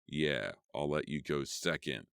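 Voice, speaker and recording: A man voicing a cruel, jovial middle-aged killer who taunts his captives in a low, menacing way. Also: a little slow, creaky, fairly bright tone, smooth, no echo, clean studio sound, heavily acted.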